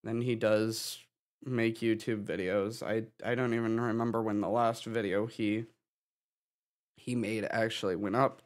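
A young man giving a halting personal update to his channel, sighing and restarting his sentences, tearful from crying. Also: fairly low pitch, flat delivery. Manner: halting, with many restarts and sighs. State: tearful, having been crying. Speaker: gaming YouTuber.

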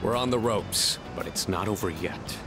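A man's voice: low voice, moderate pace, vocal fry. A man voicing a casual young male student friend in a video game, talking in an easygoing, upbeat way. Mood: encouraging. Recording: game dialogue over background music.

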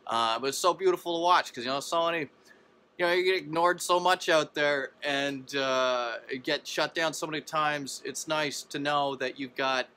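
Young male comic, rambling vlog storyteller; high-ish bright voice, loose and chatty. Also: moderate pace, clear, resonant tone. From Canada. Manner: rambling, with many asides and fillers; jumps into exaggerated high disbelief. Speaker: comedian. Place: parents' basement.

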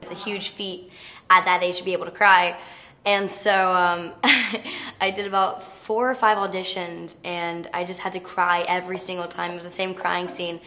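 A teenage girl telling stories casually in an interview, chatty and animated, with plenty of filler words. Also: on the low side, moderate pace. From United States. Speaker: actress interviewee.

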